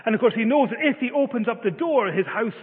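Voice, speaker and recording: A man's voice: very high-pitched, expressive, fast talker. A man preaching a sermon, telling a story with many filler uhs. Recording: phone-like reverberant sound.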